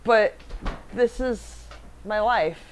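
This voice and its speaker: A woman's voice: medium pitch, extremely slow, a little hiss or hum. A woman hosting a casual baking livestream, chatting with her co-host, reading viewer comments aloud and laughing often.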